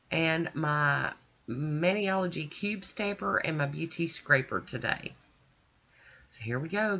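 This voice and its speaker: A woman's voice: low voice, fairly bright tone, muffled recording. A woman hosting a nail art channel, sounding stuffy and nasal from her sinuses, chatting and gushing as she demonstrates. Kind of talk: casual demonstration chat.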